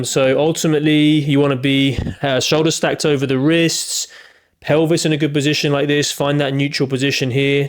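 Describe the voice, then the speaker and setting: A man guides a listener through back and core exercises, cueing each movement and counting down the reps. His voice sits at a middling pitch and tightens a little while he holds a position himself. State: slightly strained while holding the exercise. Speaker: chiropractor. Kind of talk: exercise demonstration.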